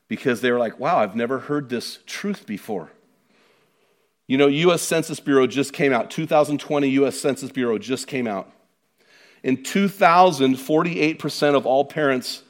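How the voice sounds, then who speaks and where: A middle-aged man preaching a sermon, emphatic and conversational, with frequent rhetorical questions to the congregation. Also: mid-range voice. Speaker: pastor.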